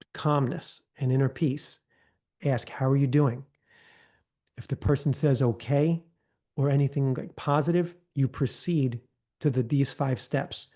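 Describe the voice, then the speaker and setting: A man leading a live training session, talking casually and often checking in with "right?", acting out gentle counselor prompts in a softer voice. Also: medium pitch. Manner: conversational, often tags lines with "right?". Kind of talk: live online training talk.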